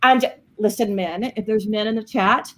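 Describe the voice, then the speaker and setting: A woman, telling an animated story on a casual video call chat and laughing often. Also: mid-range voice, moderate pace. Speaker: co-host.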